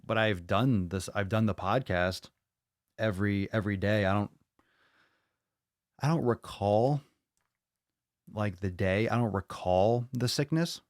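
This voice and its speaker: A man's voice: fairly low pitch, unhurried, long pauses, no echo, clean studio sound. An American man hosting a live-streamed fitness podcast, chatting casually with viewers, cursing freely and repeating his phrases. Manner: profane, hyped, repeats phrases. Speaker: podcast host.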